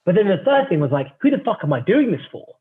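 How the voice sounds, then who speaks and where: A man with a fairly high voice tells a story in a cheeky, animated way and swears freely. He comes through a thin, tinny remote line that sounds like a phone call. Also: fast, a little hiss or hum. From England. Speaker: startup founder, guest.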